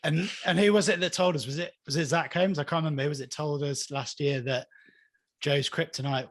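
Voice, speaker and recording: A man's voice: on the high side, steady tone, a little fast, dry recording. A man hosting a rugby podcast who asks friendly, teasing questions. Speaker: podcast host. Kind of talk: interview questions.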